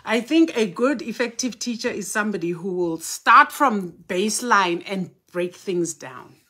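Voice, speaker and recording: Woman, spiritual teacher on a live stream, bright voice and slow delivery, greets her viewers by name. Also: medium pitch, expressive, slightly rough. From Southern Africa.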